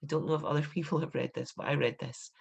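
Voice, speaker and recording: Scottish lady in her 50s, author teaching writers, punchy and animated, gets fired up. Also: deep voice, fast, gravelly, slightly rough. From Scotland. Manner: emphatic and animated, with bursts of indignation. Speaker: author giving a writing talk. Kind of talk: instructive talk to writers.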